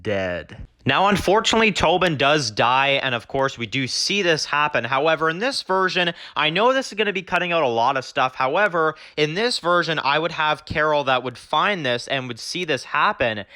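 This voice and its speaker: A man's voice: on the high side, animated, moderate pace, hardly any pauses, bright, forceful tone. A man reviewing a TV show, casually recapping his rewrite of an episode and full of fillers. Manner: rambling, many fillers like basically and you know.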